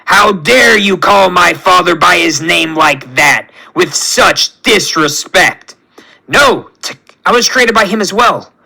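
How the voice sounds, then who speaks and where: A man's voice: high voice, lively intonation, slow, vocal fry, bright, forceful tone, exaggerated voice, low-quality recording. A man voicing a male insect-like alien creation whose speech is broken by clicking ticks. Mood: urgent.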